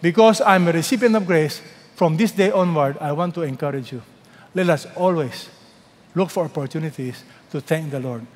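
A man preaching a sermon as pastor, emphatic, with dramatic pauses and words dropped to a hush. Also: on the high side, in a large hall.

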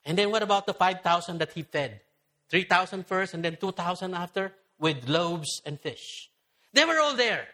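A man preaches a sermon with a high, bright voice. He tells the story animatedly and acts out the voices of crowd members. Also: expressive, moderate pace. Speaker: pastor.

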